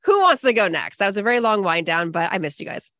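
Female co-host, bright tone, hesitant and rambling, dry close mic. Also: mid-range voice, very animated, fast, no room sound. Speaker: podcast co-host. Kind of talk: casual chat.

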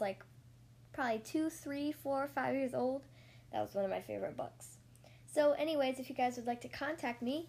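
A woman hosting a children's book podcast, reading a picture book aloud with gentle, slow storytelling and chatty asides. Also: high-pitched, gravelly.

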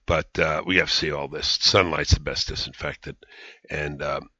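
With a rumbling low voice that is bright and forceful, a podcast host rambles emphatically through conversational political commentary, restarting often. He speaks at normal speed with fairly even intonation, recorded dry with no echo and a slightly dull studio sound.

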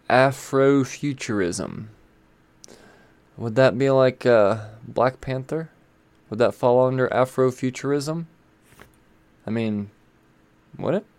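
Gravelly, rambling man chatting about comics. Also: medium pitch, takes it slowly, long pauses, a little mellow, no room sound. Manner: rambling and chatty, swears, many fillers. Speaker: comic book reviewer. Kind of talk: casual chat.

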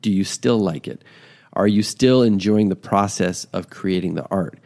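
A man hosting a podcast, talking in a put-on extra-low, quiet voice in a rambling, encouraging way. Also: normal speed, vocal fry. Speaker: podcast host. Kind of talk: casual talk.

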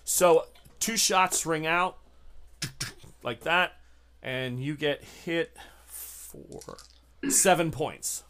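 Male game master, fairly high voice, stop-start narration, lots of uhs. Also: a bit bright. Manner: halting, many restarts and fillers while describing. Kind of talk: narrating a tabletop horror game.

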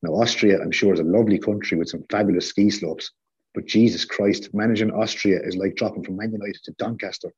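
Ranting man, husky dark voice. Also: on the low side, a little fast. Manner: animated, sarcastic, swears. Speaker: podcast co-host. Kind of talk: ranting podcast chat. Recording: slightly dull lo-fi audio.

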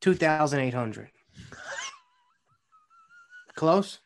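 A man's voice: a little high, lively intonation, drawn-out words, gravelly, a little hiss or hum. A man co-hosting a podcast, bragging with over-the-top confidence in casual comedic banter. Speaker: podcast co-host.

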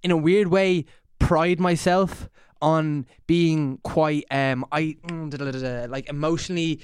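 A man's voice: fairly high pitch, fairly even intonation, measured pace, clear, resonant tone, no room sound, clean studio sound. A man hosting a casual chat, wry and hesitant, often trailing off mid-thought. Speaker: podcast host.

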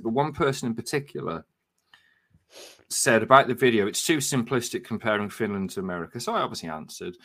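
A man's voice: on the low side, animated, fairly quick, fairly bright tone. A middle-aged man, a podcast co-host, telling a long story in casual chat, restarting his sentences often. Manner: rambling, self-interrupting storyteller.

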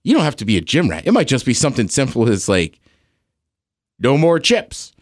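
A man's voice: mid-range voice, wildly swooping pitch, fairly quick, no echo, clean studio sound. A man co-hosting a casual podcast, giving easygoing encouragement and chiming in with short quips. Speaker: podcast co-host. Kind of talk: casual chat.

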